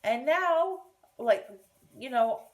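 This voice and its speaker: A woman telling a story in a casual home vlog, chatty and animated, with plenty of fillers and restarts. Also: sits high, slow pace. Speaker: vlogger. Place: at home by a kitchen counter.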